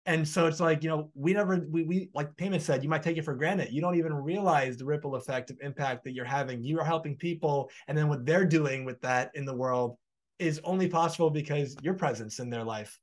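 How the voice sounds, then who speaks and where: A man's voice: a little high, a little fast. A man in a podcast conversation, telling a long heartfelt anecdote in an earnest, flowing way.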